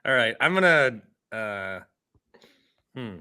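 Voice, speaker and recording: A man's voice: mid-range voice, sing-song, takes it slowly, pushed and bright, smooth. A man co-hosting a casual sports podcast, chiming in with wry, joking remarks.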